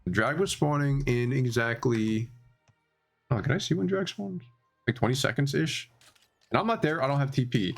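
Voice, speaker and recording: A man giving heated, exasperated commentary over his own gameplay footage. He talks in restless pitch swings and packs his speech with filler words. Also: moderate pace, faint music behind. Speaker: gamer reviewing his own matches.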